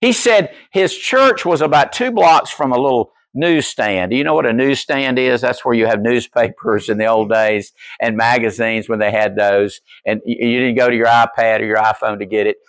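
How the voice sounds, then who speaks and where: A man preaching a sermon as pastor, telling stories in an animated way and putting questions to his congregation. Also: mid-range voice, normal speed, hardly any pauses, no room sound. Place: church.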